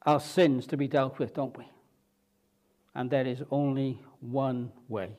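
A man preaching a sermon, rising to emphatic peaks and dropping low at phrase ends, with frequent rhetorical questions. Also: warm tone.

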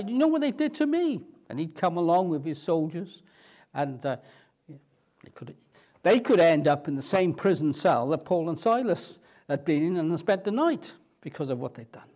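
Animated preacher, lively pitch. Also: male voice. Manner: expressive, dramatizing the scripture with repeated questions. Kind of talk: sermon.

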